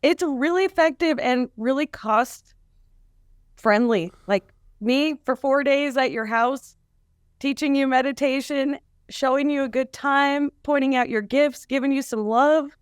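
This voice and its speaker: A woman as a guest on a comedy chat, talking calmly and gently evading questions. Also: sits high, measured pace, no room sound, studio quality. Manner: calm, gently evasive.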